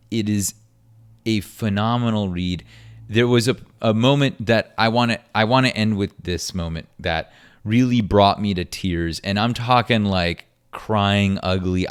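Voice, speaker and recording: A young man hosting a podcast, talking alone in an earnest, philosophical way with frequent restarts. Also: low-pitched. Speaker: podcast host. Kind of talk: reflective solo podcast monologue.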